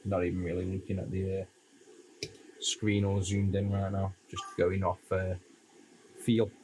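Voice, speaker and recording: Here a man with a low voice talks at a measured pace, his Stoke-on-Trent (Potteries) accent placing him in that English city. A retro console repair streamer, he solders and answers chat in a relaxed, meandering manner. Slight background noise marks a rough recording.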